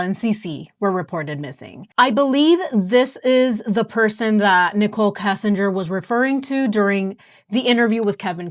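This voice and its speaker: A woman hosting a true crime reaction show, talking through a clip and reading out search results with incredulous questions. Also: mid-range voice.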